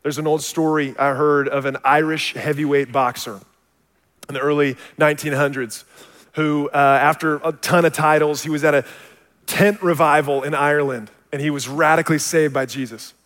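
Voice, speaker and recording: A man preaching a sermon as a pastor, telling stories with animated swings from quiet, low passages to loud shouted peaks. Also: normal speed. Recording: long hall reverb.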